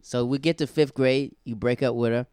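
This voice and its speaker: A young man from North Carolina hosting a casual podcast chat, asking questions and telling stories in an easygoing, animated way. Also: mid-range voice, moderate pace, clear, resonant tone, no room sound. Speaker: podcast host.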